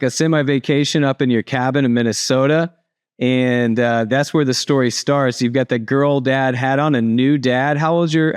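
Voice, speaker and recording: A man's voice: mid-range voice, clear, resonant tone, dry recording. An upbeat man hosting an interview podcast, his voice sitting in a middle range. He talks in a chatty, friendly way and often restarts mid-sentence. The sound is dry and close to the mic. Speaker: podcast host.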